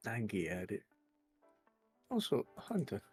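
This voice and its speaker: A young man with a lowish voice chats casually on his stream, joking at his own expense. He rambles and restarts his sentences, and faint music plays under him. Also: wildly swooping pitch, takes it slowly, a little mellow, breathy edge. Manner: self-deprecating, jokey, rambling. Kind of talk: casual chat with friends.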